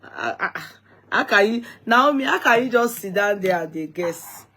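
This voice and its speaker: A woman's voice: medium pitch, expressive, normal speed, bright, forceful tone, a little hiss or hum. A tired Nigerian woman hosting a casual live stream, chatting to viewers with repeated greetings and bits of Pidgin. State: tired, yawning.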